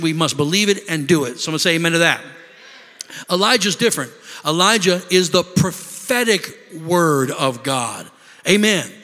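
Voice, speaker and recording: A man's voice: fairly high pitch, pushed and bright. A man preaching a sermon as pastor, calling for amens and asking the congregation to respond. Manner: preaching with call-and-response asides. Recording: long reverb of a large hall.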